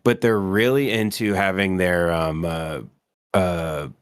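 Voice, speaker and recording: Deep-voiced man with a stuffed nose. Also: fairly even intonation, slow pace, clear, resonant tone, no room sound, studio quality. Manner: rambling, profane, full of fillers. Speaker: comedian guest. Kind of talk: casual podcast chat.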